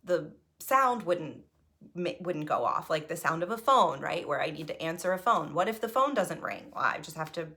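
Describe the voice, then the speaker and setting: Chatty woman with a slightly low voice. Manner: chatty, keeps asking "right?" between thoughts; animated, voice jumps when reliving nerves. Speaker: improviser and solo stage performer. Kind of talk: personal storytelling monologue.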